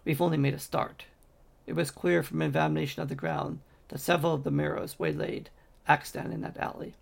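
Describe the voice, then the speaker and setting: A man's voice: fairly high pitch, sing-song, brisk, gravelly, heavily acted. A man voicing a scheming male magician who speaks in a clipped, cold, commanding way. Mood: cool.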